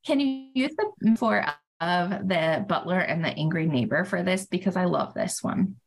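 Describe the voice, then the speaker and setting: Lower-voiced woman, hesitant and thoughtful. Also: animated, normal speed, creaky. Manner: thoughtful, hesitant with many fillers. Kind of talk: casual chat.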